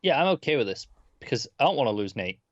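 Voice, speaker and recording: Relaxed male co-host, casual TV chat, dry quips, mid pitch, dry close sound. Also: fast talker, dry recording, dull audio. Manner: laid-back, short interjections, dry quips. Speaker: podcast co-host. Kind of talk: casual chat about TV episodes.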